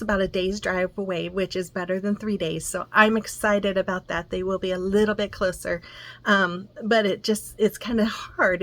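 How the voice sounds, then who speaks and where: An older woman hosting a crafting channel, chatting in a rambling, storytelling way and walking through a craft tutorial from her craft room. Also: medium pitch. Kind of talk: casual chat and craft tutorial.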